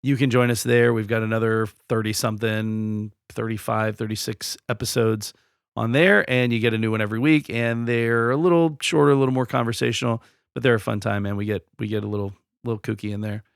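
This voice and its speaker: A man's voice: lowish voice, fairly even intonation, a little fast, creaky, smooth, no echo, studio quality. A man co-hosting a casual podcast, talking in a laid-back, rambling way with filler words. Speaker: podcast co-host.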